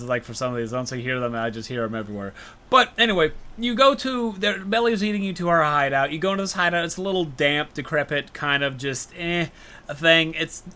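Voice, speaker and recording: Very bright-voiced man recapping a game. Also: fairly high pitch. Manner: rambling game recaps with joking acted-out quotes. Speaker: podcast co-host. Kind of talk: casual gaming podcast chat.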